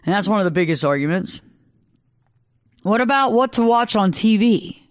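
A woman, a couples therapist, talking casually and acting out quoted arguments in sudden high bursts. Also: animated, moderate pace, dry recording, clean studio sound. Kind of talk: casual solo monologue.

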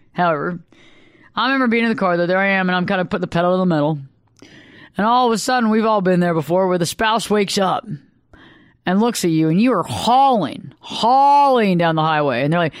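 A woman talks casually in a solo monologue. She is a couples therapist and keeps acting out quoted arguments in sudden high bursts. Her voice sits at a middle pitch, and the room around it is dry and close. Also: clean tone, no echo.

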